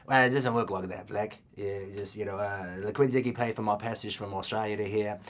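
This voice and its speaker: Man doing a drawling Australian miner, low voice, matter-of-fact. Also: steady tone, brisk, close to an everyday voice. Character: Australian indentured mining worker, man.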